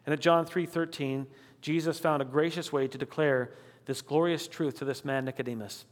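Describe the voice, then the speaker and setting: Male pastor, high voice, emphatic sermon delivery, reverberant church hall. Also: steady tone. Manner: emphatic preaching, rising on key declarations, dropping low and slow for scripture.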